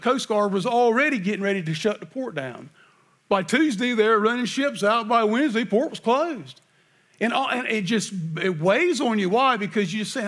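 A man's voice: very high-pitched, a bit bright. A man preaching a sermon, reading scripture aloud and asking earnest rhetorical questions. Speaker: pastor.

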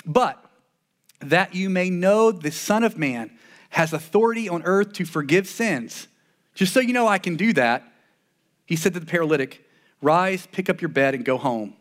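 High-voiced earnest man preaching. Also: animated, normal speed, fairly bright tone. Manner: earnest, conversational preaching with repeated restarts. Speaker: pastor. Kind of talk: sermon.

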